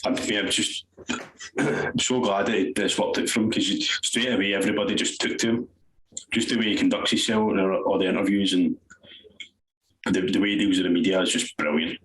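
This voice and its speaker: A man's voice: low voice, fairly even intonation, fairly quick, a bit bright. A Scottish man co-hosting a podcast, chatting casually about football with rambling, restarting sentences and casual swearing. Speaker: podcast co-host. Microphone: headphones on a remote call. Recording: echoey room, faint noise.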